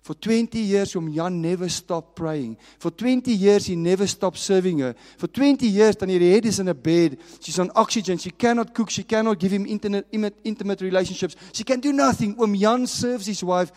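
A fairly high-voiced man preaches in an impassioned storytelling manner, swinging between raised and hushed delivery. His voice rings with a long reverb, as in a large church hall. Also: fairly quick, few pauses. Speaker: pastor. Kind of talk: sermon.

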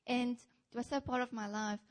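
A woman's voice: a little high, normal speed. South African woman preaching to a congregation. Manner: animated storytelling, addresses the congregation directly. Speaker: church speaker. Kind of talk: sermon.

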